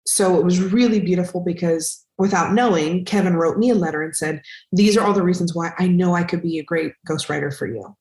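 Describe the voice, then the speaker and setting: Emotional woman, lowish voice, roomy sound. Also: brisk, hardly any pauses. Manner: emotional, animated storytelling with acted-out quotes. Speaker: podcast guest, actress and singer. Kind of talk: casual interview talk.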